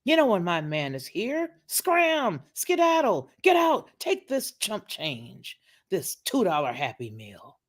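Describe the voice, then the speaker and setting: A scornful young mother , put on by a woman commentator, waves off her child's father with curt, lively jumps in pitch. Her tone is sharp with contempt, all dismissal and no patience. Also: takes it slowly, heavily acted. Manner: scornful, brushing someone off.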